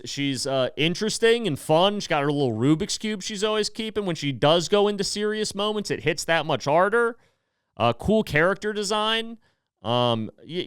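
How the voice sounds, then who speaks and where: A man in his thirties hosts a podcast in a loose comedic monologue, rambling and swearing as he gets worked up. His pitch jumps all over the place, and his voice comes across smooth and clear. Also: a bit bright, no room sound, clean studio sound. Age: 30s. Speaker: podcast host.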